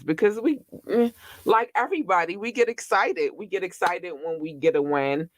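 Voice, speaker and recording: A man's voice: high voice, normal speed, no echo. A man hosting a casual gossip podcast, chatty and candid, with slang and the odd swear word. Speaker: podcast host. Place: Baltimore.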